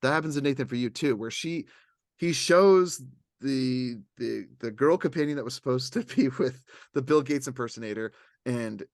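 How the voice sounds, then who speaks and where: A podcast co-host talks in a mid-range voice at a moderate pace during a casual chat, animated and rambling as he acts out what others said. The recording is dry and studio quality.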